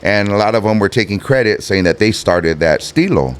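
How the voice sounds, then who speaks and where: A man's voice: fairly low pitch, expressive, moderate pace, clean tone. A man in his fifties from the Los Angeles harbor area, telling stories as a podcast guest in a rambling, laid-back way. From Los Angeles harbor area, California. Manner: rambling, laid-back, many fillers and restarts. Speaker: guest, rapper. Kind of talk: casual storytelling interview.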